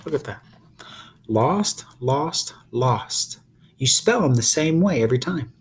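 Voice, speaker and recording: A man teaching young children, sounding out letters slowly and asking them questions as he draws. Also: on the high side, a little hiss or hum. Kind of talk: slow children's phonics lesson while drawing.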